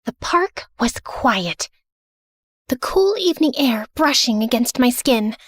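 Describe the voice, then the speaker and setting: A young woman narrates a first-person animated drama in a high voice that swoops all over. Her delivery is sassy, sarcastic and dramatic, recorded dry and close to the mic. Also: slow pace, dry recording. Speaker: narrator and heroine.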